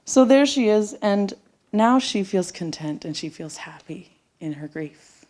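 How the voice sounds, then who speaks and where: Her medium-pitched, slightly mellow voice is animated, and her pace is measured. Performing onstage in a theater before an audience, this middle-aged storyteller shares a personal story intimately, sinking to a near-whisper at tender points.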